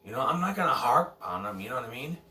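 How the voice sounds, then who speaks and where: A man's voice: medium pitch, very animated, quick pace, pushed and bright. A man giving a casual, rambling movie review, often correcting himself and unsure of details. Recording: echoey room, somewhat far from mic.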